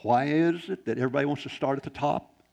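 Male pastor, gravelly tone, swings from loud bursts to near-whispers, sermon delivery. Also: medium pitch, fast talker. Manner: animated preaching, swings from loud exclamations to hushed quiet.

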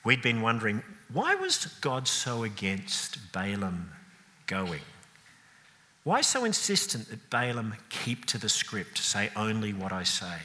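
A man preaching a sermon, telling the story with lively animation, acting out scenes and mocking the characters. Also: lowish voice, a little slow. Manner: animated storytelling, acting out scenes with sound effects and mock voices. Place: church. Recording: long reverb of a church hall.

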